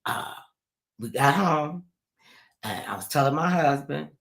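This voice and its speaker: An older woman telling a personal story in a casual interview, animated and expressive. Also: unhurried. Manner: animated, acts out quoted voices with big pitch jumps.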